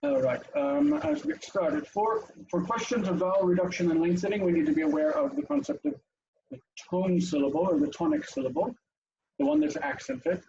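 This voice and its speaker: A man teaching an online language lesson from home, his high, mellow voice gravelly at the edges and rising and falling a lot as he explains. The webcam audio is dull and lo-fi, with a faint hiss behind him. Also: very animated, brisk. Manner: chatty, explanatory, with frequent ums and asides.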